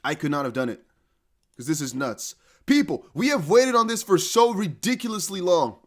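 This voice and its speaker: A man hosts a live crypto stream in an excited, hype-driven way, breaking into laughs and chanted lines. His voice sits a bit high and swings widely up and down. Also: moderate pace. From Netherlands.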